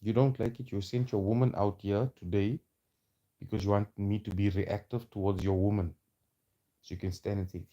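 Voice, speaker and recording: A man's voice: on the low side, fairly even intonation, moderate pace, mellow. A man delivering a heated, confrontational rant to camera, firing off challenging rhetorical questions. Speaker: vlogger.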